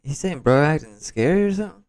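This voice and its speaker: A man's voice: on the high side, animated, quick pace, darkish tone, dry recording. A man hosting a reaction video, commenting casually in street slang. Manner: casual, street slang, asks questions aloud.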